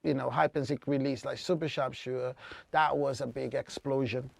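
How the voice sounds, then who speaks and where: A man from Brazil, whose first language is Portuguese, telling stories in a casual podcast chat and acting out what people said with big jumps in pitch. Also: moderate pace, gravelly, no echo. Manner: animated, acts out quotes with big jumps in pitch. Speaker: DJ, podcast guest. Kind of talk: casual storytelling.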